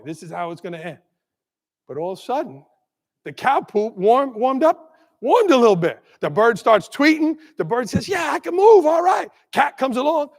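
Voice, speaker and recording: A middle-aged man tells stories and jokes from a conference stage, drawing the audience in with questions. His voice sits high for a man. Long reverb from a big hall trails after his words. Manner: animated storyteller, asks the audience questions. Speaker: keynote speaker. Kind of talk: energetic keynote talk with jokes.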